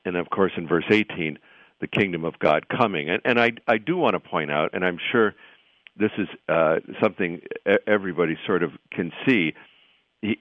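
Professor on a tinny phone line. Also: male voice, low voice, dry recording. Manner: thoughtful, halting, many restarts. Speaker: seminary professor, guest. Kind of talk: radio interview, explaining scripture.

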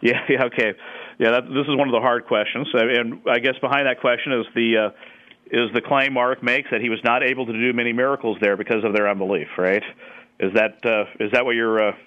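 A man's voice: mid-range voice, steady tone, brisk, muffled recording. Thoughtful man explaining with many fillers. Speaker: Bible scholar guest. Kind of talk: conversational explanation.

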